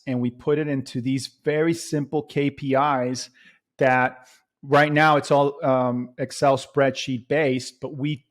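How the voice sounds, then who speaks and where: A man chatting casually as a podcast guest, rambling with lots of fillers and restarts as he tells a story. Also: medium pitch.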